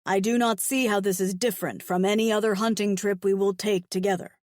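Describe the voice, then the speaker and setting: A woman voicing a gruff, shy male alien hunter with horns and a tail, who talks in a terse, formal way. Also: mid-range voice, steady tone, a little fast, no room sound, clean studio sound, close to an everyday voice. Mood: stiff. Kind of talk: audiobook character voice.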